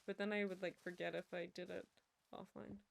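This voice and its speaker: A woman's voice: on the low side, level tone, fairly quick, creaky. A young woman streamer chatting casually, telling rambling, self-amused stories with frequent laughs.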